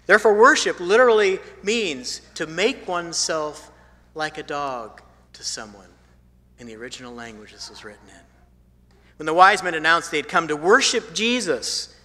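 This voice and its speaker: Pastor with a bright voice in a big hall. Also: male voice, a little high. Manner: storytelling, swinging from emphatic to hushed; repeats phrases for emphasis. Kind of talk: sermon. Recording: long hall reverb.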